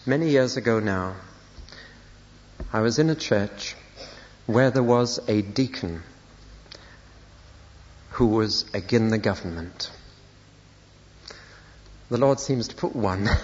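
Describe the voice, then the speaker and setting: In a fairly low, slightly mellow voice, an older man preaches slowly and pauses often. He's a pastor telling personal stories with dry, self-mocking humor, recorded lo-fi in a church hall with plenty of reverb.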